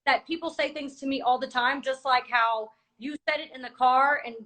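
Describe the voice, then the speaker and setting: A woman's voice: sits high, fairly even intonation, moderate pace, bright, forceful tone, rough recording. A woman in a heated conversation, insistently explaining her side at length. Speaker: cast member.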